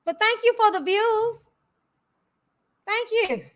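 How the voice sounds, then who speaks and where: Woman, casual livestream rant, sassy and dismissive, bright clear tone, unhurried delivery. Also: extremely high pitch, lively intonation. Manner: dismissive, sassy, drawn-out talk with frequent laughs. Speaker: channel host.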